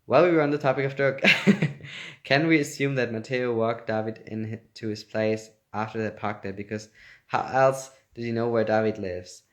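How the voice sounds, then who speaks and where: A young man, and his speaking voice sits a little low. He chats loosely on a phone livestream, reading out fan comments and breaking into laughter often. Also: fairly even intonation, moderate pace. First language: German. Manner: laughs often, reads comments aloud, playful. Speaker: actor answering fan questions. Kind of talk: casual livestream chat.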